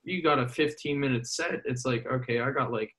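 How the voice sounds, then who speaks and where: A man's voice: medium pitch, fairly quick, fairly bright tone, slightly rough. A man interviewing a guest in a casual, rambling way, full of fillers. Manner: casual, filler-heavy questions.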